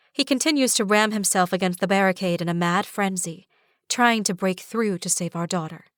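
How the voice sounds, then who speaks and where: Woman narrator for a dramatic fantasy audiobook, mid pitch, dry close-mic sound. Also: no room sound. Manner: dramatic, with rising cries in dialogue.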